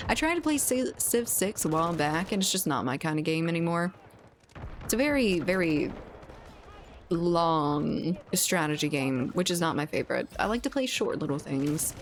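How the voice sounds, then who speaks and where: A woman's voice: fairly low pitch, a little hiss or hum. A woman streamer chatting casually with viewers while gaming, laughing often and swearing freely.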